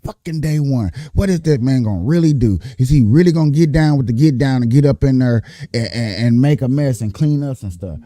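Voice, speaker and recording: A man's voice: medium pitch, very animated, moderate pace, hardly any pauses, warm tone, dry recording, studio quality. A man arguing hard in a casual panel debate, profane and emphatic, repeating his points. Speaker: panelist, Trump supporter.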